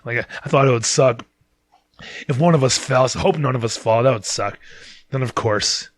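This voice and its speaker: A man's voice: medium pitch, moderate pace. A man hosts a podcast in a loose, profane monologue, laughing at his own mishaps as he rambles on. His voice sits in an ordinary middle register. The sound is dry and close, with no room echo. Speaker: podcast host. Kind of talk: casual storytelling monologue.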